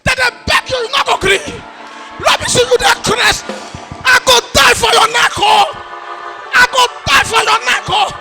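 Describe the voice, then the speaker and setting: A man with a Nigerian accent voicing a bold man who shouts curses from the back of a crowd, in a reverberant church hall. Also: extremely high pitch, moderate pace, gravelly, soft background music, voice pushed up, exaggerated voice. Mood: shouting. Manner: shouting, pleading.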